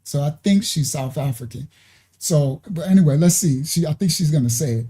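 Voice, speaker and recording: Mellow man musing to his viewers. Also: a little high, fairly quick, husky. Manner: musing aloud, asks viewers questions. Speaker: reaction video host. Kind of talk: casual reaction commentary.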